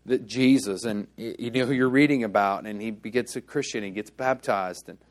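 A man's voice: lowish voice, moderate pace. A male pastor preaching a sermon in a church, telling stories in a casual, conversational way and acting out the dialogue.

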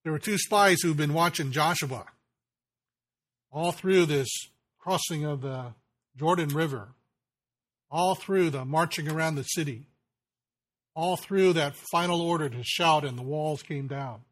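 A man preaching a sermon in a folksy way, slowing down to stress key lines. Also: a little high, fairly bright tone. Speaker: pastor.

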